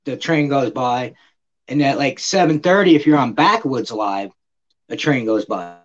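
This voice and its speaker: A man's voice: mid-range voice, measured pace, highs cut off. A man co-hosting a podcast, easygoing, chatting and prompting the guest. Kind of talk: casual chat.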